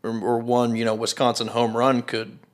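A man's voice: medium pitch, monotone, normal speed. A man co-hosting a casual sports podcast in an easygoing, laid-back way. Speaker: podcast co-host.

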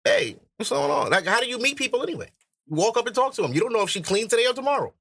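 Blunt profane man, quick delivery, lively pitch, bright voice, dry close sound. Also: breathy edge, dry recording. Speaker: podcast host. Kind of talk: casual chat.

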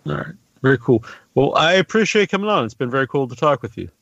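A man's voice: mid-range voice, animated, fast, gravelly, a bit bright, no room sound, highs cut off. A man hosting a podcast, asking questions in an easygoing way with short affirmations. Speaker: podcast host. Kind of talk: casual interview chat.

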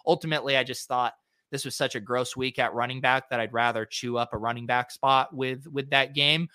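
A man's voice: medium pitch, a little fast, smooth, no room sound, studio quality. A man hosting a fantasy sports podcast, talking casually through lineups with lots of ums and uhs as he thinks aloud. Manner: relaxed, filler-heavy, thinking aloud. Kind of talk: casual solo lineup review.

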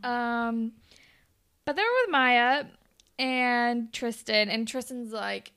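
A woman co-hosting a podcast in casual chat, blunt and quick to swear, laughing often. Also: fairly high pitch, fairly even intonation, fairly bright tone, clean tone. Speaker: podcast co-host recapping a TV episode.

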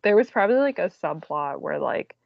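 A woman's voice: fairly low pitch, big pitch swings, a little fast, vocal fry, dry recording. A young woman co-hosting a podcast, making dry jokes and giving short agreeing replies in a casual chat. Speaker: podcast co-host. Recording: dull dry lo-fi recording.

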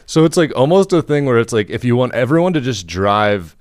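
Man, podcast co-host, casual comedic chat, laughing often, mid-pitched voice, dry close mic. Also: fairly quick, dry recording. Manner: animated, laughing, swears casually.

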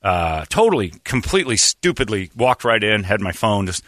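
A man's voice: lowish voice, sing-song, normal speed, fairly bright tone, no echo, clean studio sound. A man hosting a morning radio show, telling a rambling, self-deprecating story in casual chat and laughing often.

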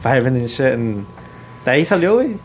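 Fast-talking young man telling stories. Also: mid-range voice, big pitch swings, noisy background. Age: 20s. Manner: laid-back storytelling, mixes in Spanish, swears freely. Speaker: guest musician. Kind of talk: casual chat.

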